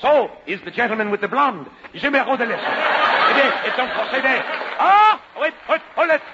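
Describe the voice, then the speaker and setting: Man putting on a leering French announcer with a mock French accent, high swooping voice, hissy dull old radio recording. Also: animated, a little slow, in a large hall, over a noisy crowd. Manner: clowning, flirtatious, breaking character. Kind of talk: 1940s radio comedy.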